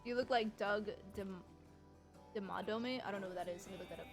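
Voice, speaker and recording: A woman's voice: mid-range voice, brisk, faint music behind. A woman streamer chatting casually with her viewers about her role-play character, swearing freely. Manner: chatty, swears, talks to chat.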